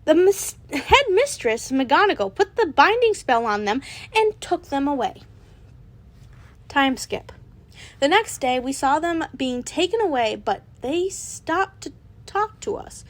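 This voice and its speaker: A woman's voice: high voice, sing-song, unhurried. A young woman reading a fanfiction story aloud in a casual way, with small slips and restarts. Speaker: fanfiction reader.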